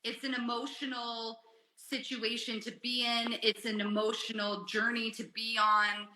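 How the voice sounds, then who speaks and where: A woman hosting a live interview on a video call, warmly thanking and affirming her guest. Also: a little high, little pitch movement, measured pace. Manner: warm, affirming, gushing. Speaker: host. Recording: echoey room.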